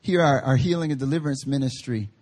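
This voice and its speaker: A man preaching a sermon as pastor, with emphatic slow stresses and playful asides. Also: medium pitch, darkish tone. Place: church service.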